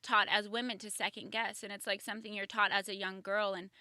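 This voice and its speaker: A young woman chatting earnestly on a talk show, animated when quoting others. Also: mid-range voice, brisk, no echo. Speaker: guest. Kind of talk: casual podcast chat.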